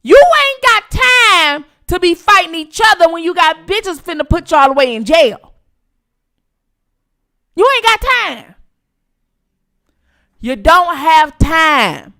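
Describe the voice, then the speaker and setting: Gravelly, lively woman streamer. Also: very high voice, slow pace, long pauses. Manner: blunt, profane, teasing. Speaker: channel host. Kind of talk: live-stream commentary talking to viewers.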